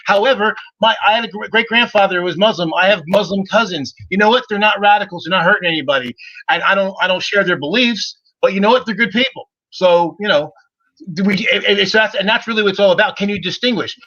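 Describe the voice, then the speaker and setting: A man's voice: high-pitched, quick pace, pushed and bright. A man co-hosting a casual panel podcast, talking earnestly and often repeating words as he starts a thought. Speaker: podcast co-host. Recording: dull lo-fi audio.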